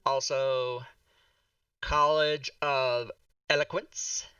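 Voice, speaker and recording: A man's voice: mid-range voice, flat delivery, extremely slow, sharp tone, smooth, dry recording, recorded from a distance, dull audio. A man hosting a casual talk show about a tabletop game book, joking, swearing and laughing as he goes.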